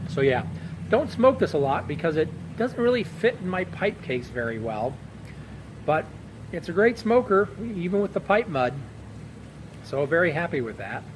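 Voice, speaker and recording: A man's voice: fairly high pitch, big pitch swings, normal speed, noisy background. A man chatting casually as a vlogger, telling a rambling, chuckling story while outdoors on a bench at night. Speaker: pipe-smoking vlogger. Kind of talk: casual chat.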